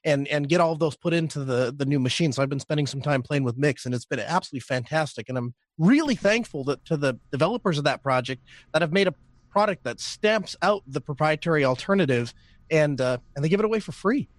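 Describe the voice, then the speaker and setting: A man's voice: fairly high pitch, expressive, fast, no echo. Rambling man on a dry mic. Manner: rambling, hesitant with fillers. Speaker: podcast co-host. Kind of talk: casual podcast chat.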